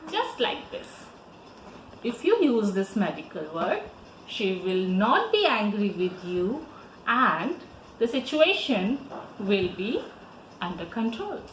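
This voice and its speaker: A woman teacher with an Indian English accent, giving a slow, sing-song language lesson to young children. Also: fairly high pitch, reverberant, a little hiss or hum, poor audio. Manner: slow, lively, sing-song teaching voice with repeat-after-me prompts.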